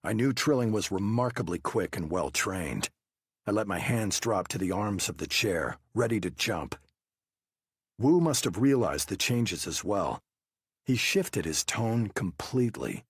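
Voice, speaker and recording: A man narrates an audiobook in the first person with a measured delivery. His low voice is husky yet lively in pitch, and the recording is very dry. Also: no echo.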